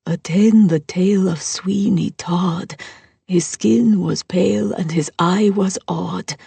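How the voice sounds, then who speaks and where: A woman voicing a gentle, literal-minded young man who speaks slowly and simply in an audiobook. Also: high voice, fairly even intonation, gravelly, husky, dry recording, exaggerated voice. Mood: hushed. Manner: slow, simple, plainly spoken. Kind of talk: audiobook character voice.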